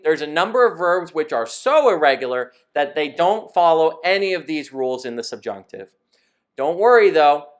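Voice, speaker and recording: A man teaching Spanish in a scripted lesson, explaining verb rules in a clear, methodical way. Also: fairly high pitch, a bit bright.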